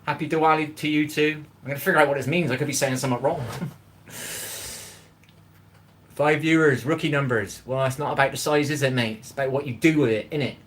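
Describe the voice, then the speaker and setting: A man's voice: fairly high pitch, steady tone, a little fast, a bit bright, a little hiss or hum. A man hosting a casual live cooking stream from his home kitchen, sitting on a chair. He rambles, greets viewers by name and swears freely. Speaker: livestream cooking host.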